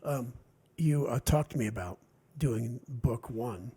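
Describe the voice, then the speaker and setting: A man with a Delaware Valley accent, an author chatting on a podcast in a rambling, animated way. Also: medium pitch, slow pace, husky. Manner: rambling, animated, acts out quotes. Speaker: author guest. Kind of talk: casual podcast chat.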